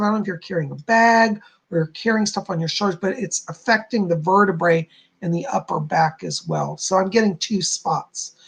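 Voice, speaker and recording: Gravelly-voiced man giving psychic readings. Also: high-pitched, fairly bright tone. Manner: chatty, reassuring, addresses viewers by name. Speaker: psychic medium, stream host. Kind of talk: live-stream psychic readings.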